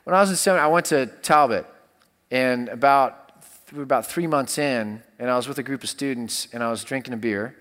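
A man's voice: medium pitch, a little fast, fairly bright tone, long reverb tail. A man who is a college pastor, telling a story in casual talk, rambling with many restarts.

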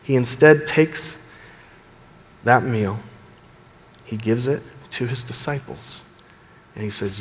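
A man preaching a sermon as pastor, earnest, building emphasis and dropping low at the ends of phrases. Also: slow pace, pauses often, big-room sound, slight background noise.

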